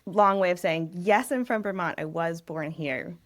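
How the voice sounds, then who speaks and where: A woman in her thirties from New England talks as a guest in a casual interview. She is chatty and tells stories at length. Her voice sits slightly low and she laughs easily. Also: normal speed. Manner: chatty, laughs often, rambling storyteller. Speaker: real estate agent, guest.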